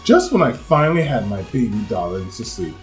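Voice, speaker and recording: A man's voice: mid-range voice, very animated, a little fast, soft background music, natural voice. A man reading aloud and voicing an angry, scolding mother crocodile. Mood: furious. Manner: indignant, scolding.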